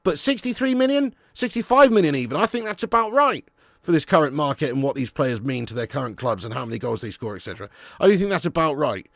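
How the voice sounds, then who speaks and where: A man's voice: on the high side, big pitch swings, fast, creaky, fairly bright tone, no room sound, studio quality. A man hosting a live football fan stream, talking bluntly and casually, swearing and calling viewers "lad" and "mate". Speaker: football channel host.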